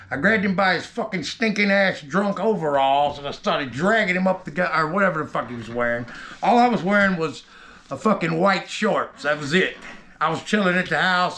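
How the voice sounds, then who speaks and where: A man telling a rough story from his own past in casual, rambling talk, heavy with cursing. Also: on the high side, pushed and bright.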